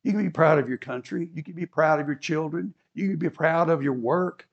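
A man's voice: fairly high pitch, a little fast, creaky, dull audio. A man preaching a sermon, explaining scripture and acting out the people in it with rising fervor. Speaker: pastor.

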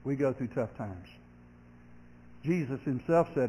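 A man, a pastor, preaching a sermon, earnest, growing loud and sharp when he acts out complaining voices and dropping soft for comfort. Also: mid-range voice, lively intonation, moderate pace, a little hiss or hum, rough recording.

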